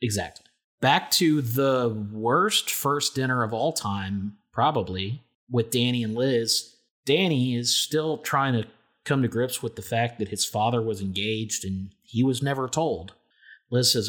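A man's voice: medium pitch, measured pace, fairly bright tone. Joking man recapping a show. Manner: jokey, acts out characters' lines. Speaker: podcast co-host. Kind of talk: casual recap chat.

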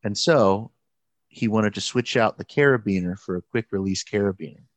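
A man telling a story in casual conversation, halting, with many restarts and fillers. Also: lowish voice, dry recording.

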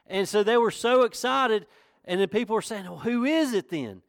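A Southern-accented pastor from North Carolina preaches in church with a high-pitched, gravelly, animated voice at a moderate pace. His folksy, conversational sermon rises to emphatic questions. The studio sound is clean, with no echo.

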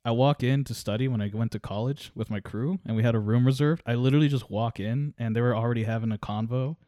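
A man's voice: mid-range voice, fast talker, no room sound, clean studio sound. A man back as a podcast guest, telling funny stories and laughing along in casual chat. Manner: animated storyteller, laughs at his own tales.

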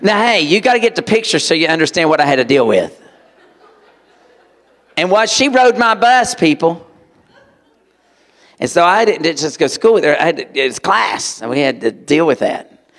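A man preaching to a live audience, telling a personal story in an animated way and acting out voices. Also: fairly high pitch, normal speed, pauses often. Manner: animated, acts out voices, sudden loud outbursts. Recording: long hall reverb.

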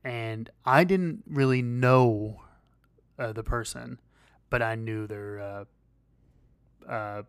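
A man's voice: mid-range voice, smooth, dry recording. Podcast guy rambling along, lots of ums and restarts, dry close sound. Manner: rambling, halting, with many fillers and restarts. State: losing his voice. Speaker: podcast co-host. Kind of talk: casual chat.

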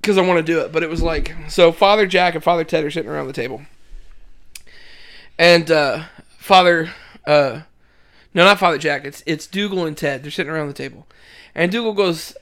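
Rambling male storyteller, bright and high. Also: fairly quick. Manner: rambling storyteller, many fillers. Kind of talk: casual chat.

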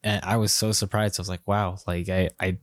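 Man, podcast co-host, halting casual talk, low voice, dry close mic. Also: level tone, no room sound. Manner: hesitant, full of fillers and restarts. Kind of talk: casual chat.

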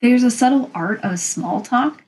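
A woman's voice: on the high side, measured pace, darkish tone, slight background noise, poor audio. A woman vlogger giving casual advice, talking frankly and rambling a little. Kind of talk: casual advice talk to camera.

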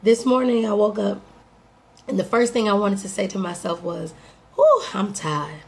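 Hoarse, gravelly woman giving a pep talk. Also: medium pitch, moderate pace. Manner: upbeat, direct, preachy pep talk to listeners. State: slightly hoarse. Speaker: life coach and podcast host. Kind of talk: motivational morning talk.

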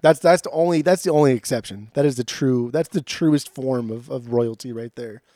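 A man co-hosting a casual music podcast, animated and jokey, cursing freely. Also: medium pitch, moderate pace, no echo, studio quality. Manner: animated, jokey, swears often. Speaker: podcast co-host.

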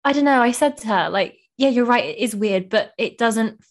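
A young woman hosts a podcast, chatting casually in a gushing, emotional way and saying "like" constantly. Her voice is fairly high and animated, at a normal speed.

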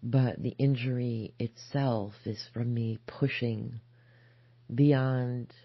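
A woman and spiritual teacher giving a gentle, measured spoken reflection that sometimes sinks into soft whispers. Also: a bass voice, steady tone, slightly rough, dry recording, highs cut off. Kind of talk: slow reflective spoken essay.

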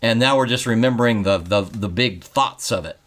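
A man's voice: medium pitch, a little fast, fairly bright tone. Rambling man chatting about a movie. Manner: rambling, self-correcting, joking. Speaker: podcast co-host. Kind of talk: casual movie review chat.

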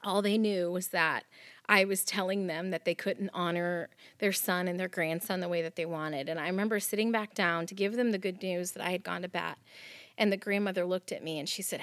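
A woman's voice: on the low side, fairly even intonation, a little fast, fairly bright tone, dry recording, studio quality. A woman hosting her own podcast, telling personal stories in an earnest, heartfelt way, often restarting her sentences. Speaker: podcast host. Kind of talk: personal storytelling monologue.

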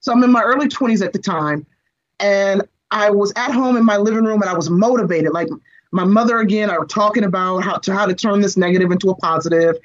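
A woman in her forties, an interview guest, telling a personal story in an expressive, animated way and speaking straight to the host. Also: medium pitch, fast. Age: 40s. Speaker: guest, entertainment reporter and screenwriter. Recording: slightly dull lo-fi sound.

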